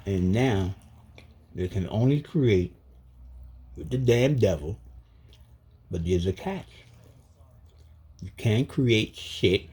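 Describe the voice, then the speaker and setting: A man vlogging in a casual, emphatic rant full of street slang, with a husky voice. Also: on the low side, animated, slow pace, pauses often, a little mellow. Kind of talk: casual monologue.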